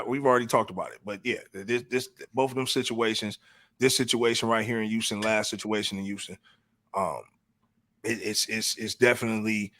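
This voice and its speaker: A podcast host with a lowish, slightly bright voice riffs loosely on a casual talk show, leaning on slang and stumbling through many restarts. He's repetitive, and the studio-quality sound has no echo.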